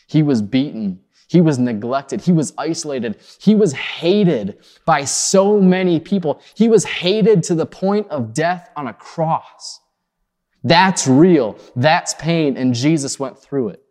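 A man's voice: lively intonation, takes it slowly. Earnest preaching man in a reverberant hall. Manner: earnest, pleading, rises high on acted quotes then drops soft. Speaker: pastor. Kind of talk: sermon.

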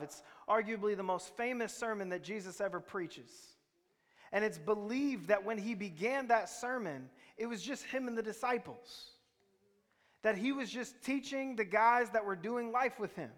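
Speaking at a moderate pace, a man with a high, slightly bright voice delivers a sermon full of conversational stories and questions for the congregation. The recording carries a reverberant hall sound.

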